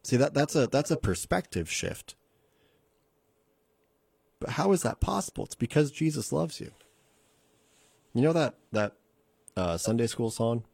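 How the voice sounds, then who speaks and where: A man's voice: mid-range voice, very animated, a little slow, gravelly, pauses often, a little mellow, husky, no echo. A man hosting a radio podcast, preaching in an earnest, conversational way and repeating phrases for emphasis. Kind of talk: casual radio sermon. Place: radio studio.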